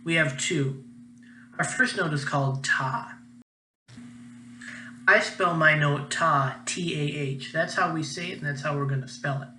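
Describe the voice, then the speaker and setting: A man's voice: fairly high pitch, fairly even intonation, moderate pace, pushed and bright, roomy sound, slight background noise, poor audio. A young man, a music teacher, giving a patient, encouraging recorded class lesson.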